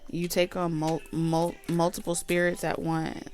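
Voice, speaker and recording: A woman's voice: lowish voice, level tone, measured pace, darkish tone. A woman giving a casual tarot reading, chatty, blunt and profane. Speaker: tarot reader.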